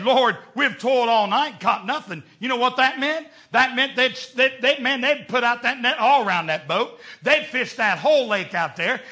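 An older preacher with a drawl, telling homespun stories with plenty of humor. His voice sits high and swings widely in pitch, and it has a bright, forceful edge. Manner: folksy storytelling preacher with humor. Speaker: pastor. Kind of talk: sermon.

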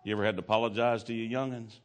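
Man, preacher, very low voice, folksy storytelling sermon, loud to hushed. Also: fairly even intonation, very fast. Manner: folksy Southern-style preaching, laughing asides, swings from loud to hushed. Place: church.

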